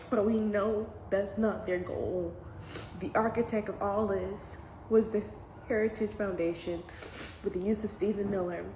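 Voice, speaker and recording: A woman's voice: mid-range voice, darkish tone. A mother giving earnest, emotional commentary to camera, near tears as she speaks. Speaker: parent reacting to news. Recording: echoey room with faint background noise.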